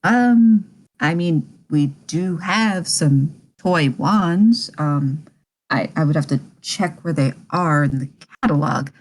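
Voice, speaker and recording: A woman voicing a hesitant male store employee who speaks haltingly and fills his lines with ums. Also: low-pitched.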